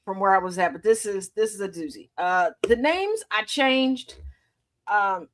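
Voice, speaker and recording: A woman's voice: medium pitch, lively intonation, a little slow, a bit bright, slight background noise. A woman co-hosting a casual podcast, talking in a loose, slangy way and laughing often as she tells stories. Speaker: podcast co-host.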